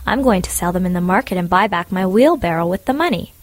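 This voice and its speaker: A woman's voice: fairly low pitch, expressive, quick pace, no echo, close to an everyday voice. A woman voicing a kind, cheerful and forgiving little man in a storybook reading, speaking in an eager, polite and humble way.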